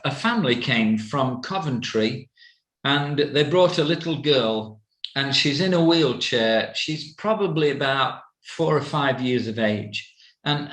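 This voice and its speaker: An older man giving a personal testimony as an evangelist, slow and halting, with many fillers. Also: mid-range voice, a bit bright. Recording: roomy echo.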